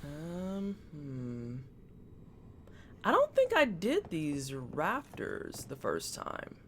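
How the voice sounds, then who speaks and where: A man's voice: on the high side, wildly swooping pitch, extremely slow. Chatty streamer man over noisy background. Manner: chatty, reacts aloud and talks to chat. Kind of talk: casual gameplay commentary. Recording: clear background noise.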